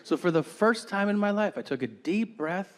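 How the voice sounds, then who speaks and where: A man's voice: sits high, expressive, normal speed, in a large hall, noisy background. A man doing a stand-up comedy set on stage, dry and profane, acting out quotes.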